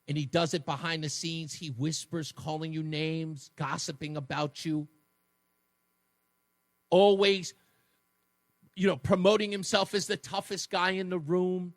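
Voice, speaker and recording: A man's voice: sits high, dry recording. A male talk radio host giving an emphatic, mocking monologue that repeats its points from a studio.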